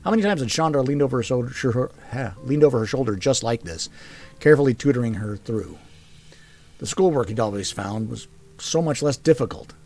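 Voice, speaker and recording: A man reading fiction aloud with steady, measured narration. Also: mid-range voice. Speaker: storyteller.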